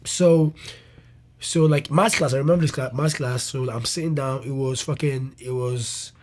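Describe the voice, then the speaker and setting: In a mid-range voice at normal speed, a young man who's a comedian guest recounts a personal story during an interview. He's animated and loose, swearing and restarting his sentences.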